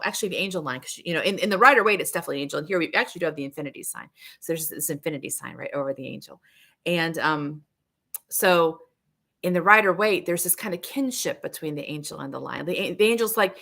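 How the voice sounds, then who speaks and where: A woman's voice: on the low side, sharp tone. A middle-aged woman hosting a livestream, teaching in an earnest, searching way and often restarting her thoughts. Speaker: livestream host, tarot teacher.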